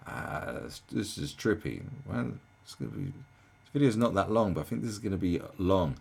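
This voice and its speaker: A man talks through a video in casual reaction commentary, sounding incredulous and mocking. His voice is deep and gravelly, and his pitch swings around a lot. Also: lively intonation, moderate pace, a little mellow. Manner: incredulous and mocking, with frequent laughter.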